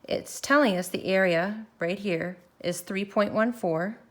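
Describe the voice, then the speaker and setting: A woman teaching a recorded math lesson, walking through each step slowly and thinking aloud as she films her worksheet. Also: medium pitch. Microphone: phone camera filming her worksheet.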